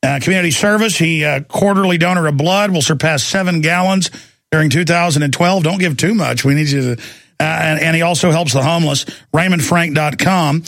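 A man hosting a talk radio show, ranting in a rambling, animated way. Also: a little high, brisk, no echo. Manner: animated, rambling, acts out quoted voices. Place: radio studio.

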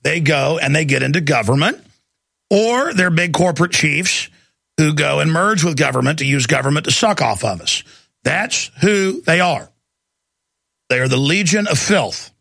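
A male talk show host with a deeply gravelly, bright, forceful voice, ranting with heated, repetitive emphasis. The sound is close and dry. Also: animated, moderate pace, no room sound. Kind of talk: ranting political commentary.

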